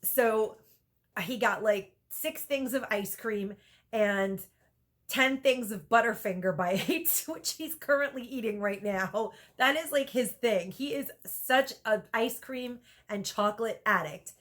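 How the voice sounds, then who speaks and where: A woman vlogger telling a rambling, animated story in casual chat, with lots of "like" and laughter. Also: a little high, slow pace.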